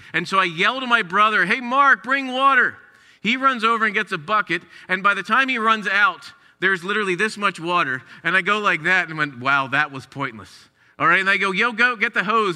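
A middle-aged man preaching a sermon, telling stories and rising in pitch for emphasis. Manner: storytelling, animated, rises for emphasis. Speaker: pastor. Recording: reverberant hall.

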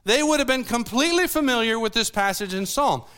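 A man's voice: extremely high pitch, a little fast, clear, resonant tone. A man preaching a sermon, explaining scripture and putting questions to the congregation. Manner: animated, asks the audience questions.

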